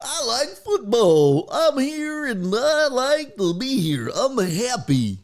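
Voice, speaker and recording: A man putting on a meek, simple-minded male coach who talks in a timid, halting way. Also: extremely high pitch, big pitch swings, pitched above the performer's own voice, full character voice. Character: meek, dim-witted male head coach, eager.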